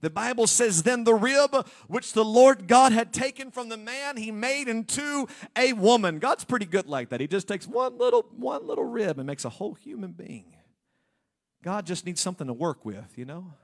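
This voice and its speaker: Lively joking male pastor. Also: sits high, normal speed, creaky. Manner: playful, joking asides to the congregation. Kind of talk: humorous sermon. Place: church.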